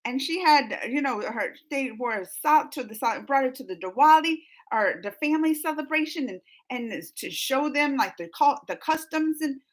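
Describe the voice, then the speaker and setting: High-voiced Southern woman chatting live. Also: expressive, normal speed, hardly any pauses. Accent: Southern US, New Orleans. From New Orleans, US South. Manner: chatty, laughs often, trails off and restarts. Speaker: YouTube reaction host reading live chat. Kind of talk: casual live-stream chat.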